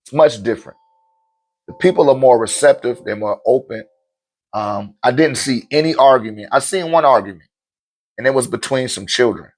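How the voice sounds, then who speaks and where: On a live stream, a man with a mid-range voice speaks at a moderate pace, answering viewer questions about spirituality in loose, casual talk. He keeps checking in with "right?" and chants lists of names rhythmically, growing more animated as he goes. He's using a streaming mic.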